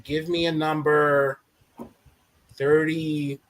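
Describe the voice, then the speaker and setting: A man's voice: on the high side, little pitch movement, extremely slow, a bit bright, no echo. A man giving football analysis as a guest on a casual sports podcast, talking loosely and making jokes. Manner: joking, loose, playful.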